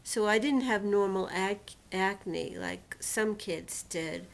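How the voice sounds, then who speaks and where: A woman recounting a painful personal experience in a storytelling manner, slowly and deliberately, acting out what was said to her. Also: mid-range voice, creaky. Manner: emotional retelling, quotes others and herself dramatically. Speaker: personal testimonial speaker.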